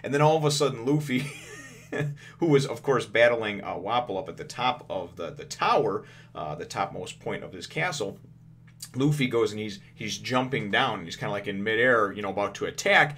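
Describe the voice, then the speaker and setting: A man's voice: fairly low pitch, expressive, moderate pace, a bit bright, a little hiss or hum. A man hosting a casual comic review, rambling with lots of fillers and restarts and laughing often. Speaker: host.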